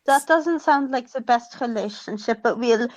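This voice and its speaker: A woman's voice: on the high side, normal speed, highs cut off, heavy background noise. A woman player making wry jokes in a tabletop game. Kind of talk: casual tabletop game chat.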